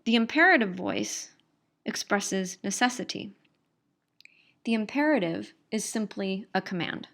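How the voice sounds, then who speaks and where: A woman's voice: mid-range voice, expressive, a little slow, vocal fry, fairly bright tone. A middle-aged woman teaching an English grammar lesson, explaining patiently and repeating key points. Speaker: English instructor. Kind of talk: recorded grammar lecture.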